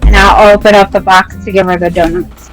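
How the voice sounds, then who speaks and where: A woman's voice: medium pitch, level tone, a little fast, faint music behind, rough recording. A woman playing her character in a tabletop game, sweet and eager, stammering at times. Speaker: player.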